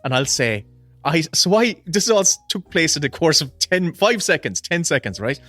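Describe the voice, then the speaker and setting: A man's voice: on the high side, very animated, moderate pace, a bit bright, dry recording, soft background music. An Irish man co-hosting a podcast, telling a story animatedly with frequent laughter and swearing. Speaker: podcast co-host. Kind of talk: casual storytelling chat.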